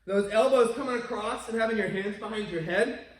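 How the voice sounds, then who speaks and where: Male martial arts instructor, high voice, upbeat and encouraging, echoey room and set back from the mic. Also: a little fast. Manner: upbeat, encouraging, chatty with asides. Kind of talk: online workout class instruction. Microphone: wears a face mask while talking. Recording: roomy echo, distant from mic.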